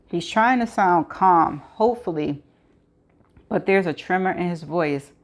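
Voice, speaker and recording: A woman reads a thriller novel aloud as the host of a reading show. Her voice sits on the lower side and her narration is steady, with the odd stumble and restart. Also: measured pace. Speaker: audiobook reader.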